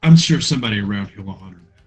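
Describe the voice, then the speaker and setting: A man voicing a reserved male hero who speaks in a low, understated, slightly aloof way. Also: animated, very fast, faint music behind. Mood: dry.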